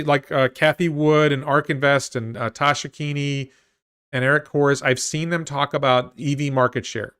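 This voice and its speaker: Guy doing a solo livestream, kinda high voice, rambles and restarts, reads comments then goes into a rant. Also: fairly bright tone. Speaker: host of a livestream on stocks.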